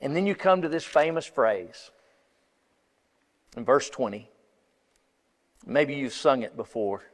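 A pastor preaching an impassioned sermon, building to emphatic peaks and often restarting phrases. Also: male voice, mid-range voice, expressive, slow pace, pauses often. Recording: long reverb of a large hall.

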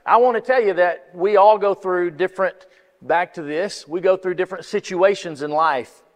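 A man's voice: high-pitched, normal speed. A man giving a church lesson, reading a column aloud in a conversational way with wry asides. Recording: long hall reverb.

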